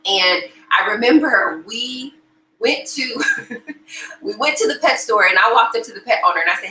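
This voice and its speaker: A middle-aged woman giving a motivational talk, telling a family story and acting out the voices with big jumps in pitch. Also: moderate pace, sharp tone. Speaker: motivational speaker. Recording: echoey hall with faint noise.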